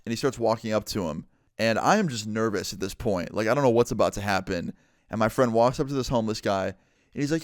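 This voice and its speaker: A man's voice: mid-range voice, a little fast, dry recording, clean studio sound. A young man in a vlog, telling a personal story in a casual, filler-heavy way. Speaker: vlogger.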